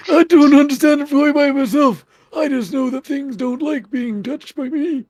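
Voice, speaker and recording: A man voicing an odd, apologetic male venomous creature in a very high put-on voice. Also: steady tone, normal speed, darkish tone, dry recording. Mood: puzzled.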